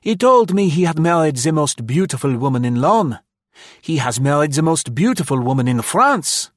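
A man's voice: a little high, lively intonation, measured pace, dry recording, studio quality, pitched above the performer's own voice. A man voicing a dashing young French officer. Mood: mock indignant.

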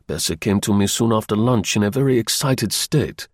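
A man reading a first-person novel in a measured, arch storytelling manner, with a husky voice. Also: on the low side, no echo, clean studio sound. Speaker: audiobook reader.

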